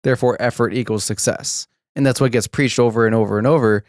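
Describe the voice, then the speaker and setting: A young American man co-hosting a podcast in a relaxed, casual way. His voice is mid-pitched and close to the mic. The sound is dry, with no room around it. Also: fast, no echo. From United States. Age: young adult. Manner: relaxed, brief backchannels, laughs along. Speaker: podcast co-host.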